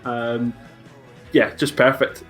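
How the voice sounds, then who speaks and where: Upbeat man with halting fillers. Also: mid-range voice, little pitch movement, a bit bright, soft background music. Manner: upbeat, hesitant, many fillers and restarts. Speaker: guest pundit. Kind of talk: casual live-stream chat.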